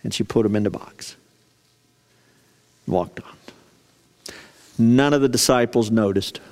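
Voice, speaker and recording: Conversational pastor in an echoing hall. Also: male voice, mid-range voice, takes it slowly, darkish tone. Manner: conversational, storytelling, asks the congregation questions. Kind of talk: sermon. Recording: long reverb of a large hall.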